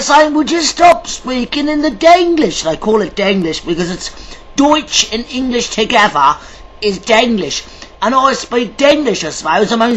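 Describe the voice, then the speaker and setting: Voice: mid-range voice, fairly bright tone, a little hiss or hum, low-quality recording. A vlogger from Ireland talking in a rambling monologue, stumbling over words, swearing often and drifting between accents. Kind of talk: casual video monologue. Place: lives in Germany.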